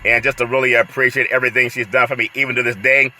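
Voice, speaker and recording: A man's voice: medium pitch, fast talker, poor audio. A man hosting a casual sports talk show, exuberant and hyped, calling on listeners for praise and laughing often. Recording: steady background noise.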